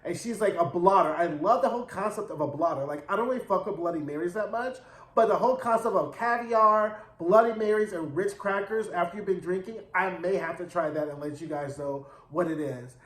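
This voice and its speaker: Sassy high-voiced man recapping in an echoey room. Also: fairly quick. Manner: sassy, slangy, animated storytelling. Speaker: TV episode reviewer. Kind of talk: casual recap commentary. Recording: roomy echo.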